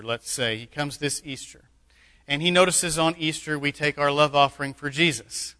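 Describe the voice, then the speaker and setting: A man's voice: on the high side, bright, forceful tone. A man preaching a sermon as pastor, emphatic, with joking asides. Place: church sanctuary. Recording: echoey hall.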